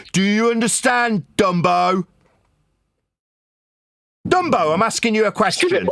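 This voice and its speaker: A man rants and mocks in a heated online debate, his voice high and sharp. He repeats himself and barks insults, sounding bright and dry, close to the mic. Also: no echo. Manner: shouting insults, mocking, repetitive. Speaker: debate caller.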